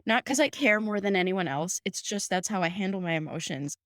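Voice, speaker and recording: A woman's voice: mid-range voice, animated, a little fast, no echo, clean studio sound. A woman in her thirties, a veterinarian hosting a podcast, talking casually and emphatically with frequent laughter and lots of "like". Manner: warm, emphatic, laughs often, many "like"s. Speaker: podcast host, house call vet.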